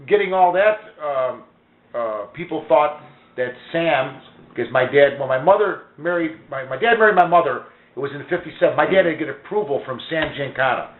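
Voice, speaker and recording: A man in a casual talk-show chat, spinning a blunt, animated story and swearing freely. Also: a little high, fairly quick. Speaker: guest. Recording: tinny, echoey phone-like audio with faint hiss.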